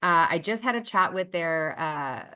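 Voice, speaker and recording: A woman with a slightly low voice presents a webinar in a loose, conversational way. She sounds enthusiastic and heartfelt, and her sentences are full of ums and likes. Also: expressive, a little slow, sharp tone, smooth. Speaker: webinar presenter from a dog charity program.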